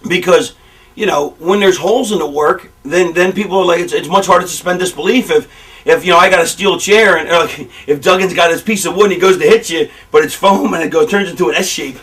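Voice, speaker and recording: A man's voice: high voice, brisk, distant mic, rough recording. A man in a shoot interview explaining wrestling booking, swearing freely and acting out fans' reactions. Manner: profane, animated, acts out fan reactions. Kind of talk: shoot interview, casual storytelling.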